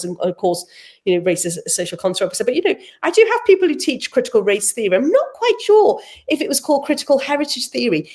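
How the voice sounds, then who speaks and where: A middle-aged woman, an author, chatting as a guest and telling animated stories, acting out the people she quotes. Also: on the high side, quick pace. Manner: animated storyteller, acts out quotes, frequent laughs. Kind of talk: casual chat.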